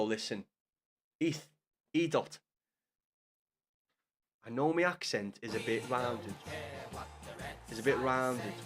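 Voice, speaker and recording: A man with a Scouse accent streams a game, chatting casually to his chat and swearing freely. His voice is mid-range and a bit bright.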